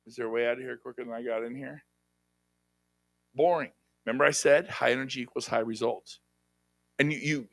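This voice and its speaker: High-energy man working a seminar crowd. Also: a bit bright, dry recording. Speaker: seminar speaker. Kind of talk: motivational sales seminar talk. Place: hotel conference room.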